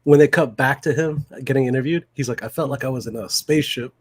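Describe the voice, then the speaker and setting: A man's voice: mid-range voice, fast talker, darkish tone, slightly rough, dry recording. A man co-hosting a casual podcast about a comedy film, laughing often and acting out scenes he quotes. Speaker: podcast co-host. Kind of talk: casual movie chat.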